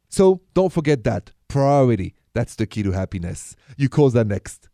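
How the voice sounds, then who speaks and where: A man's voice: a little high, big pitch swings, quick pace, mellow, no room sound, clean studio sound. A man hosting a call-in radio advice show, chatty and coaching, repeating his key phrases to drive them home. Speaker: radio dating advice host.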